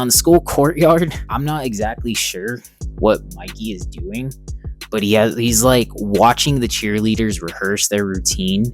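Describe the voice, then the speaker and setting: Profane, joking male comic reviewer. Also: medium pitch. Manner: profane, jokey and rambling. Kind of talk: casual commentary.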